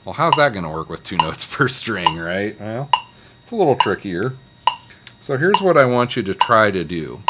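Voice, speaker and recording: A man teaching a casual guitar lesson, talking students through a scale in a relaxed, encouraging way and counting picking strokes aloud. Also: on the low side, moderate pace, heavy background noise. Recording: loud guitar playing underneath.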